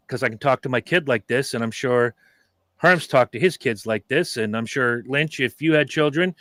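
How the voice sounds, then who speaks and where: A man's voice: medium pitch, fairly bright tone, no echo. A middle-aged man hosting a podcast, chatting casually and telling stories with profanity and acted-out quotes. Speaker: podcast host. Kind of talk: casual chat.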